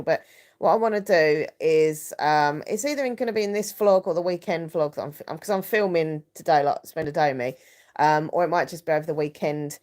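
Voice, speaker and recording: A woman in her thirties with a lowish voice talks casually on a live stream. She rambles and restarts often and stops now and then to read out viewers' comments. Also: a little mellow. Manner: rambling, chatty, lots of fillers and restarts. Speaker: YouTuber hosting a live stream.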